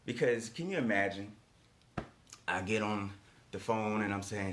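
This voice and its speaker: In this motivational coaching talk, a man speaks on the low side, taking his time and leaving long pauses. His tone is a little bright, with some faint hiss or hum in the background. He is emphatic, repeats his key lines, and keeps checking in with rhetorical "right?" questions.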